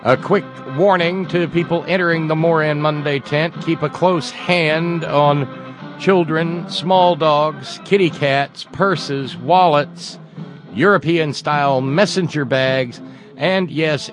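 A man voicing a showy, loud carnival barker with a sing-song, drawn-out hawking call. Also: a little high, soft background music, pitched above the performer's own voice, lightly acted. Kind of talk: comic radio bit.

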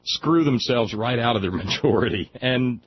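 A man hosting a call-in radio show, chatty and quick to laugh, often restarting his sentences. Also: medium pitch. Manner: chatty and animated, laughs easily, restarts a lot. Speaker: radio talk show host. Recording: slightly dull radio audio with faint noise.

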